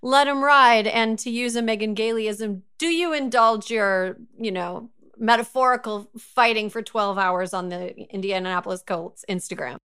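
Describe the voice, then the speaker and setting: A woman hosting a podcast, with a fairly high, bright, smooth voice. She asks questions casually and laughs along with her guests. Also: moderate pace, hardly any pauses. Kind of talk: casual chat.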